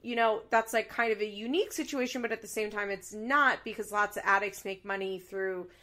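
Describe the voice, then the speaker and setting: Bright, frank woman podcast host. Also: medium pitch, fairly quick. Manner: opinionated, frank, mixes jokes with earnest advice. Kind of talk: casual recap chat.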